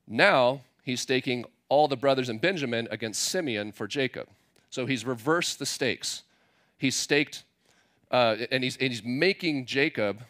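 A man preaching a sermon at an ordinary, mid-range pitch. He talks in a relaxed, conversational way, reading passages and then retelling them in casual, playful paraphrase. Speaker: pastor.

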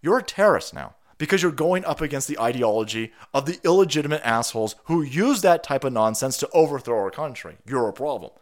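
A man's voice: mid-range voice, expressive, a little fast, few pauses. A man hosting a livestream, delivering heated, profane political commentary and repeating himself for emphasis. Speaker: livestream host.

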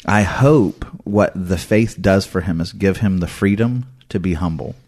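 A man's voice: low-pitched, measured pace, a little mellow. A man who is a pastor, talking earnestly and with emphasis in a casual podcast discussion.

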